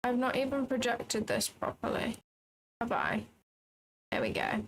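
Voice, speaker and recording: Woman streamer narrating her trades live, chatty and self-mocking, fairly high voice. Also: huge pitch swings, measured pace, gravelly, slight background noise. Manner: chatty, thinks aloud, self-deprecating. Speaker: trading livestream host. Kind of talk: live commentary while trading.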